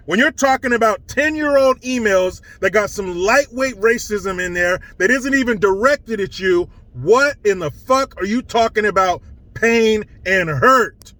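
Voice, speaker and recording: High-voiced man ranting slowly. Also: a bit bright, dry recording. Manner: profane, mocking, sarcastic. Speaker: online commentator. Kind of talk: ranting commentary.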